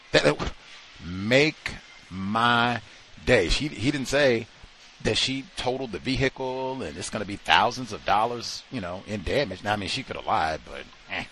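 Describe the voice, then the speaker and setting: A man's voice: medium pitch, lively intonation, normal speed, sharp tone, a little hiss or hum. A man hosting a talk show, speaking off the cuff in a conversational way, with slang and fillers. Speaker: radio talk show host. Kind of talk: unscripted talk monologue.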